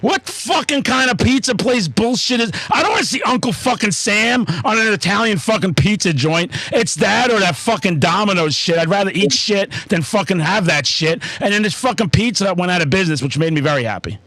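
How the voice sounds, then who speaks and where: A man's voice: sits high, a little fast, few pauses, no room sound. A man telling stories in casual chat, swearing constantly and getting worked up. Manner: profane, excitable storytelling. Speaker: podcast host.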